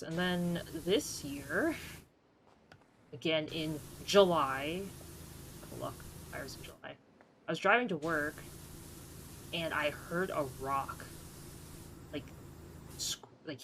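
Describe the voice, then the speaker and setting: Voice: mid-range voice, animated, measured pace, long pauses, sharp tone, slight background noise, rough recording. A streamer chatting casually on a live game stream, telling a rambling story full of fillers with a playfully sarcastic edge. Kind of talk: casual livestream chat.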